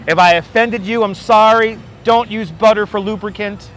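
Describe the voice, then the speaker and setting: A man speaks at normal speed in a steady, fairly bright voice that sits high. He's hosting a walking-tour livestream on city streets, chatting casually, joking with viewers and laughing a lot, picked up by a wireless clip-on mic amid faint city street noise.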